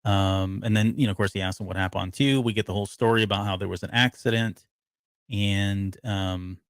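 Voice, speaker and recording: A man with a lowish, clear, resonant voice and fairly even intonation talks briskly as a podcast co-host, casually unpacking a TV episode. He rambles, restarting often and filling gaps with fillers, and the sound has no echo.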